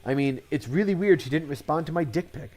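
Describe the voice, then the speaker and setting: A man's voice: fairly high pitch, lively intonation, fast, darkish tone. A man from Connecticut telling one-liner jokes, chuckling at his own punchlines and commenting offhandedly on them. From Connecticut, USA. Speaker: comedian.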